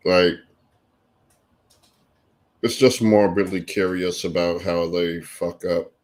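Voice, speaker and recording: A man's voice: low-pitched, fairly even intonation, takes it slowly, a little mellow. A man in a casual podcast chat, answering in a hesitant, unsure way.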